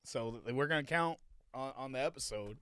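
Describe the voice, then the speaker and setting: A young man talks in an easygoing way and chimes in with short agreements. His voice is smooth and resonant, and it is recorded close and dry. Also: mid-range voice, a little fast, no room sound. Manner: relaxed, backchannels, loud laughs. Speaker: podcast co-host. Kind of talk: casual chat.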